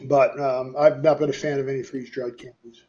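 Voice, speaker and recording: A man's voice: medium pitch, level tone, fairly quick, warm tone, dull audio. A man co-hosting a casual talk show, teasing his partner with quiz-style banter. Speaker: podcast co-host. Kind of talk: casual chat.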